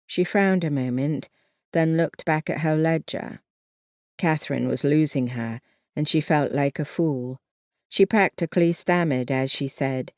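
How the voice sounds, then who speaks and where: An audiobook narrator giving a measured, even reading of a historical novel. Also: mid-range voice, no echo, studio quality.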